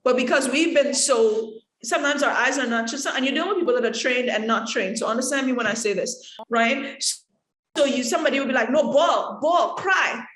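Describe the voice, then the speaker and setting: A woman's voice: high-pitched, brisk. A woman from the Caribbean teaching an acting workshop, talking straight to the room and acting out examples as she goes. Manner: animated, talks to the room, acts out examples. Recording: echoey room.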